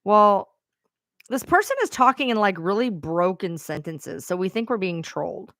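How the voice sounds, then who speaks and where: Woman streamer, chatty and rambly with casual swearing, mid pitch, dead dry sound. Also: expressive, normal speed, a bit bright, no echo. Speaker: live streamer. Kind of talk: casual storytelling to viewers.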